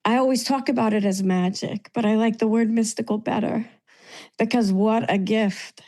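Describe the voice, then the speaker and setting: Heartfelt New woman, mellow voice. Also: on the high side, steady tone, moderate pace. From New York. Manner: heartfelt, tearful at times, grateful. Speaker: meeting participant. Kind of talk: emotional sharing in a recovery meeting.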